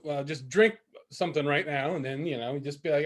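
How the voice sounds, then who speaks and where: A man's voice: on the high side, fairly quick, hardly any pauses. A man co-hosting a podcast, chatting casually in a loose, rambling way with fillers. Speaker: podcast co-host. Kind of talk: casual chat.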